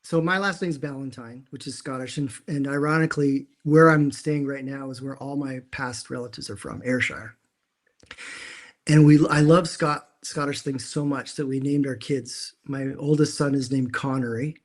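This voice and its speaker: A man chatting over a video call from his dim room at home, mid-pitched and easygoing. He rambles through his stories and trips over his own words, restarting phrases again and again. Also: moderate pace. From Canada. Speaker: co-host. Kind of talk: casual chat.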